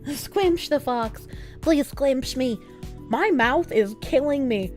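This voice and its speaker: High, lively-voiced woman streamer. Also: slow pace, faint music behind. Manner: crude, joking, swears freely. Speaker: livestreamer. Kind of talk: casual stream chat, reading out donations.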